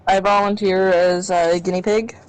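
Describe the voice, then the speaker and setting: A woman's voice: medium pitch, little pitch movement, moderate pace, rough recording. A woman playing a tabletop game, thinking aloud and hesitating as she talks. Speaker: player. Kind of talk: casual game play.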